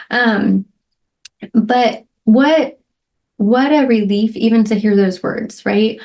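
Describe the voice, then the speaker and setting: A woman's voice: a little high, takes it slowly, a little mellow. Middle-aged woman doing her solo podcast, earnest and heartfelt, lots of "right?" and "um"s. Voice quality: emotional, near tears at moments. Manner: heartfelt, frequent "right?" and "um" fillers. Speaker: podcast host. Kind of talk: reflective solo podcast talk.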